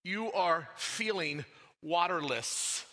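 A pastor giving a sermon, swinging between raised emphatic lines and quiet low asides. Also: male voice, lively intonation, slow pace. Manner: preaching with dramatic swings in pitch and loudness. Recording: long hall reverb.

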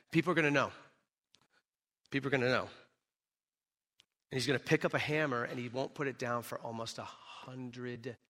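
A male pastor delivers a sermon in an emphatic, animated storytelling manner. His voice is bright and forceful, and it sits at a middle pitch. He throws rhetorical questions at the congregation. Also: long reverb tail.

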